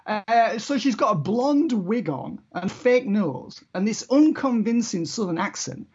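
Podcast co-host, breathy mid-pitched voice, wry and quick to laugh, muffled lo-fi sound. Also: lively intonation, a little mellow. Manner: wry, laughs often, opinionated. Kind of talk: casual podcast chat.

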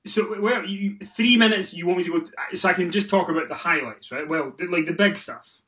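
A man's voice: sits high, a little fast, a bit bright. A man, hosting a casual podcast, sweary and exasperated, rattling off a recap with lots of ums. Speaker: podcast host. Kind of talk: casual wrestling podcast chat.

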